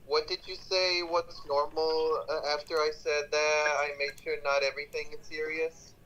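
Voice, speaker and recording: A man talking in halting, hesitant bursts during casual chat with friends while gaming. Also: a little high, flat delivery, pushed and bright. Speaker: Roblox player. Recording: dull lo-fi mic with faint noise.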